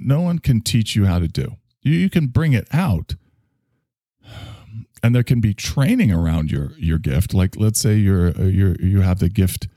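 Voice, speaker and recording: A man doing a deep, rambling, self-styled messy talent. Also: dark tone, dry recording, studio quality, exaggerated voice. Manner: rambling, philosophizing, halting restarts. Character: slow, rambling low-voiced man calling himself messy and imperfect. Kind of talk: improvised comedy podcast bit.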